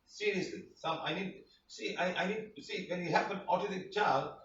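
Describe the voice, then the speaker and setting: A man's voice: sits high, moderate pace, fairly bright tone, slight background noise. A man teaching a healing class, rambling and repeating himself for emphasis. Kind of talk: online class presentation. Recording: roomy, distant, dull sound.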